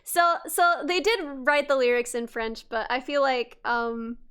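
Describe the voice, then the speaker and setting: A woman's voice: high-pitched, steady tone, a little slow, fairly bright tone, clear, resonant tone. A young woman livestreaming, chatting casually with her viewers in a rambling way, with lots of restarts and fillers and frequent laughs. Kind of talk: casual chat with stream viewers.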